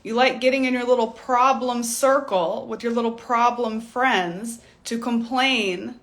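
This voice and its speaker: A woman's voice: on the high side, takes it slowly, bright, forceful tone. A woman in her thirties, a stylist business coach, giving a blunt, profane motivational rant with mocking impressions.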